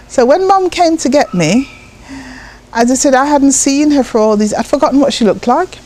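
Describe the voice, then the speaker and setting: A woman from Jamaica, a poet, telling personal stories in an interview with an animated manner, acting out voices and laughing often. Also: high-pitched, normal speed. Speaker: guest, poet and writer.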